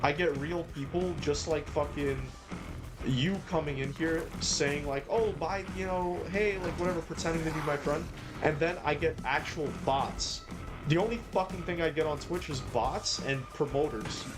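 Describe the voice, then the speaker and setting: A man's voice: a little high, moderate pace. A man live-streaming a game, ranting and swearing as he talks to his chat. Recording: game music behind.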